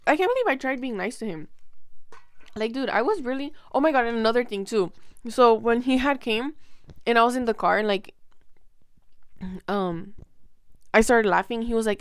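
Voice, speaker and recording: A young woman chatting straight to her camera, rambling through a story with lots of "like" and restarts as her feelings rise. Her voice is smooth and clear, recorded close and dry with no room sound. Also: on the high side, animated, moderate pace, pauses often, dry recording. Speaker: vlogger. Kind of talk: casual storytime chat.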